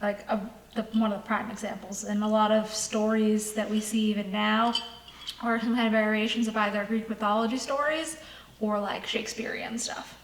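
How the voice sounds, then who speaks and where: A woman's voice: mid-range voice, fairly even intonation, normal speed. A female co-host in upbeat, chatty casual conversation. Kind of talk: casual chat. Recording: echoey room with faint noise.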